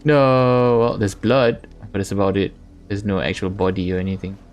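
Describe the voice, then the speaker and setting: A man's voice: sits low, fairly even intonation, a little fast, a little mellow, faint music behind. A man casually commentating a video game in a joking, offhand way. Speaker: gaming streamer.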